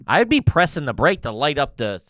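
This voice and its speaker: A man co-hosting a podcast, chiming in with crude jokes and quick banter. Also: fairly high pitch, sing-song, fairly bright tone, dry recording. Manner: joking, crude interjections. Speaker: podcast co-host. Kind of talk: casual banter.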